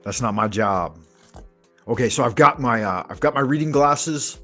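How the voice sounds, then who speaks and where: A man's voice: mid-range voice, animated, moderate pace, sharp tone, faint music behind. A man hosting a livestream, chatting casually with viewers in crude, profane banter. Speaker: livestream host.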